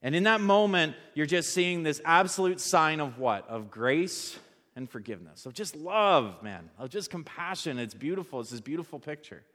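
A man's voice: on the high side, expressive, moderate pace, fairly bright tone, long reverb tail. A man preaching a sermon in a church, talking conversationally and asking the audience rhetorical questions.

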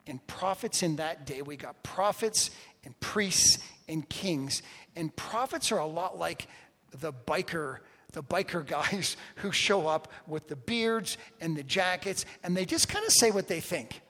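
A man's voice: a little high, animated, measured pace, a bit bright, in a large hall. A man preaching a sermon as a pastor, telling stories in a conversational way with humorous asides.

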